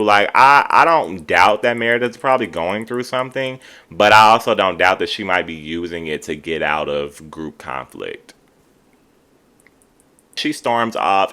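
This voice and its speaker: A man with a deep voice and a forceful, bright tone recaps reality TV in a casual, gossipy way. He talks with lots of slang and runs his thoughts together as he reacts. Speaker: TV show reviewer.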